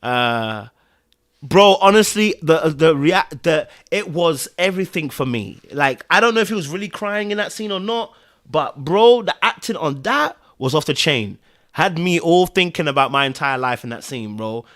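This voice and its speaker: A man hosting a podcast, giving emotional, animated commentary on a TV episode, sighing and swinging between loud bursts and quiet murmurs. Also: a little high, normal speed. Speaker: podcast host reviewing a TV episode.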